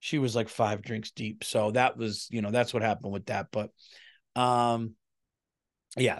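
A middle-aged male comedian at a medium pitch, talking straight to his listeners. He rambles through an anecdote, curses often and doubles back mid-sentence in a loose, chatty way. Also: steady tone, moderate pace. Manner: profane, rambling, restarts sentences. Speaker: comedian and podcast host. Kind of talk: casual storytelling monologue.

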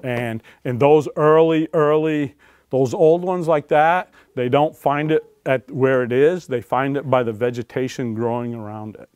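A man's voice: medium pitch, a little slow, a little mellow, clear, resonant tone. A man tells search and rescue stories to a crowd in a folksy way, often tagging "right?" onto his sentences. His voice sits in the middle range, and the sound is dry with no room echo. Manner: folksy, keeps checking in with "right?". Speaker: author and search and rescue dog handler. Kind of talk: storytelling talk to an audience. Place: public library talk.

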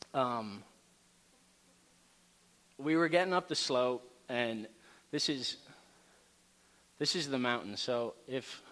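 Casual storytelling man in a reverberant hall. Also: medium pitch. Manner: animated, casual storytelling with many fillers. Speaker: campus ministry speaker. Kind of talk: storytelling sermon talk.

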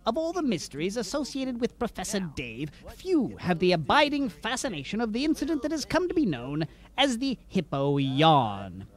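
A man's voice: high-pitched, huge pitch swings, moderate pace. A man giving a mock-serious documentary narration that stumbles over its words.

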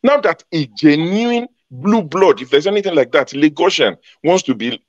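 A man's voice: a little high, expressive, moderate pace, no echo, dull audio. A man speaking as a panelist in a heated debate, emphatic and combative, repeating his points.

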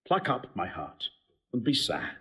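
A man's voice: mid-range voice, huge pitch swings, takes it slowly, a bit bright, slight background noise, heavily acted. An actor playing a teasing nobleman prince with a playful, mocking delivery in a stage play recording.

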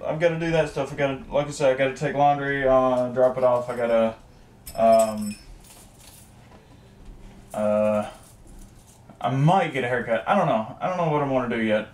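A young man vlogs casually about his day in a medium-pitched, darkish voice, talking a little slowly with long pauses. He rambles, leans on lots of fillers, and curses now and then.

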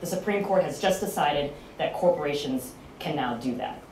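American woman, loud, chatty panel talk, lowish voice, roomy hall sound. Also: normal speed, far from the mic, slight background noise. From United States. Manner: loud, lively and chatty, self-mocking. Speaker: panel speaker. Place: conference hall.

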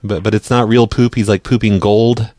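A man hosting a live radio show and making prank phone calls, speaking deadpan and often stumbling over his words. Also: lowish voice, moderate pace, no echo, studio quality. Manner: deadpan, stammers and repeats words. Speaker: prank-call radio host.

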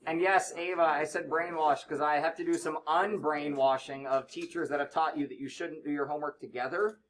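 Male math teacher, classroom lesson, brisk and encouraging with a joking streak. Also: a little high, fairly even intonation, a bit bright. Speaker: middle school math teacher.

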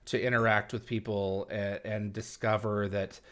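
A man hosting an interview, reading out viewer questions and speaking earnestly and supportively, with some halting. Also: fairly low pitch, flat delivery, fairly bright tone. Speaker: podcast host. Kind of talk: casual video interview.

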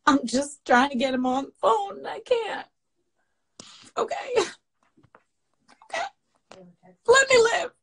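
A young woman hosting a casual live stream, flustered and excitable as she talks to her viewers. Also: high-pitched, a little slow, long pauses.

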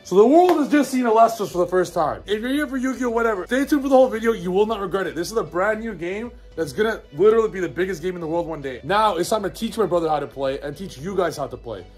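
A man's voice: high-pitched, animated, husky, soft background music. A young man hosting a gaming vlog, hyped and boastful as he explains a card game. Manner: hyped, boastful, fast-talking. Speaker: gaming YouTuber host.

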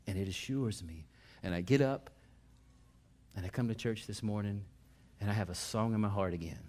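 A male pastor preaching a sermon in a folksy, conversational way, rising to loud emphatic passages and dropping to quiet personal storytelling. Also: on the low side, normal speed.

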